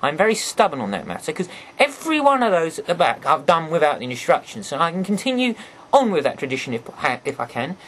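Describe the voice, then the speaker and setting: A man's voice: a little high, sing-song, fast, a bit bright, husky. A man reviewing a toy in a casual, rambling way, breaking off for joking, apologetic asides.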